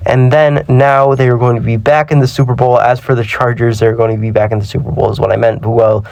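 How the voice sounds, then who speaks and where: Fast and gravelly yet a little mellow, this young man's mid-range voice has little pitch movement as he commentates a football sim for his gaming channel in a dry recording. Slightly under the weather, he's chatty, self-deprecating, and often trips over words in the casual commentary.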